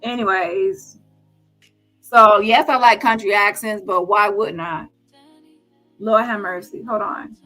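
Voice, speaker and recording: A woman's voice: mid-range voice, fairly even intonation, takes it slowly, long pauses, sharp tone, faint music behind, poor audio. A woman hosting a commentary stream, confronting her viewers in a heated, challenging way. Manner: confrontational, addresses viewers as y'all. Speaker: commentary channel host.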